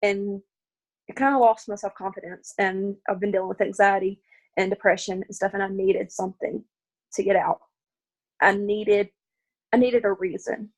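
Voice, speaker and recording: A woman's voice: mid-range voice, flat delivery, moderate pace. A young woman with a Southern American accent from Arkansas, sharing a personal testimony, tearful and laughing through her nerves. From Arkansas, USA. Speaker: team member sharing her story.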